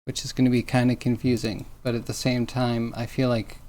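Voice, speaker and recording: A man's voice: mid-range voice, little pitch movement, brisk, darkish tone. A man streaming as he sculpts, musing aloud in a rambling way and chuckling now and then. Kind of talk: casual talk while sculpting on stream.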